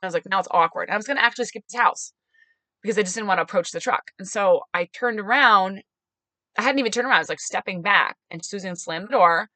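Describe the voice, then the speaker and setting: A woman's voice: medium pitch, quick pace, pushed and bright, no room sound. A woman hosting a podcast, telling a personal story in an emphatic, chatty way with lots of filler words. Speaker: podcast host and mayoral candidate.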